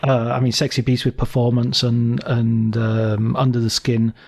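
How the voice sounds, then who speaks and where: A man interviewing an author, talking in a hesitant, halting way with many restarts and fillers. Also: medium pitch, little pitch movement, a little mellow. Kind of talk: conversational interview.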